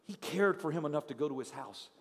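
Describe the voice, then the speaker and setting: A male pastor preaching a sermon in a dramatic storytelling manner, swinging from hushed tones to shouts. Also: a little high, lively intonation, fast talker, gravelly. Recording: long hall reverb, faint crowd.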